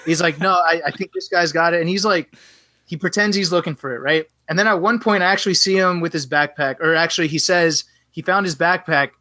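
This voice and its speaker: Bright-voiced man telling a story. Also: fairly high pitch, fairly quick, no echo. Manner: animated, acts out both sides of quoted dialogue. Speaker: podcast guest. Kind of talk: casual storytelling chat.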